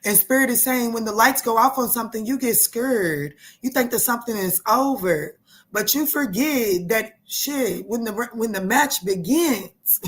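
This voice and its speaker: A woman hosting a live tarot reading stream, talking casually and excitably, swearing freely and repeating herself. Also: a little high, unhurried.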